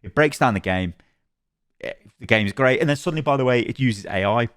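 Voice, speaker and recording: A man commenting on games, reacting to a review he reads aloud, animated and rambling, with frequent laughs and restarts. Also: mid-range voice, fairly quick, no room sound, studio quality. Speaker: gaming commentator.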